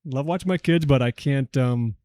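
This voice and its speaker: Candid, low-key man in his forties. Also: moderate pace, darkish tone, no echo. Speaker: podcast guest. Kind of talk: casual podcast chat.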